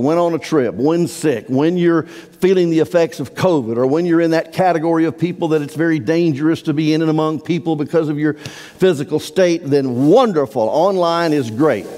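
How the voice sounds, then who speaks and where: In a church sanctuary, a male pastor with a somewhat high, dark-toned voice preaches a sermon. He's earnest and emphatic, drawing out key words, and the church hall adds a long reverb.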